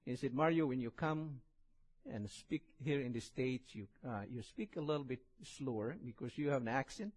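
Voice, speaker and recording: A man with a strong Indonesian accent preaching in a church, chatting and joking before he reads scripture slowly. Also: medium pitch, a little mellow, low-quality recording. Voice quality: husky, heavily accented English. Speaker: visiting preacher. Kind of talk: sermon.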